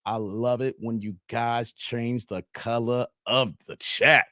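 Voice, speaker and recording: A man's voice: mid-range voice, steady tone, slow pace, sharp tone, no room sound. Man in his forties, from the Chicago area, casual livestream host, joking and emphatic, dry close sound. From Chicago area, United States. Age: 40s. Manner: joking, laughs often, slangy and emphatic.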